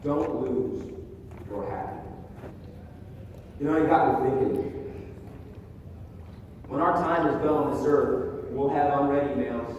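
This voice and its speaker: Energetic young man in an echoey hall. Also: mid-range voice, normal speed, pauses often, muffled recording, a little hiss or hum. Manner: energetic, emphatic, repeats phrases for effect. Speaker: motivational speaker at a training event. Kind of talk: live motivational talk to an audience. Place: large hall with live audience. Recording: echoey hall, distant mic.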